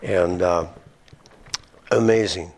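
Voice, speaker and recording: A male pastor with a somewhat low voice delivers a sermon. He slows right down to read scripture lines with weight, then talks them through in a plain, conversational way with small restarts. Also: darkish tone, slight background noise. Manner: slow deliberate emphasis on scripture readings, with restarts.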